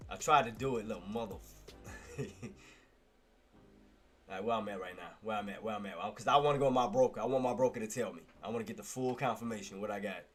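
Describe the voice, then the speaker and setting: A man live-streaming his day trading, muttering his moves to himself and breaking into loud, exasperated laughing outcries. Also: fairly low pitch, fast talker, soft background music. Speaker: livestreamer trading on camera.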